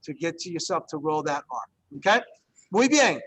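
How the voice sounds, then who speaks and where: A man's voice: a little high, sing-song, moderate pace, a bit bright, husky, dry recording, rough recording. A man teaching a Spanish class, encouraging students and drilling pronunciation through repetition. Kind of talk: classroom language lesson.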